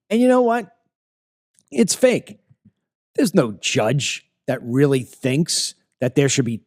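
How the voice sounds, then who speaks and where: A man in his fifties with a Long Island accent hosts a heated opinion monologue. He talks in a somewhat high voice and hammers his points home by repeating them. The sound is dry, with no room echo. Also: darkish tone. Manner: emphatic, ranting, repeats phrases. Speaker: commentary show host.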